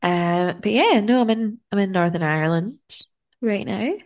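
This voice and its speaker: A woman's voice: medium pitch, moderate pace, darkish tone, lo-fi sound. A woman co-hosting a podcast in casual chat, chatty and giggly, tired after a long day of travel. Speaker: podcast co-host.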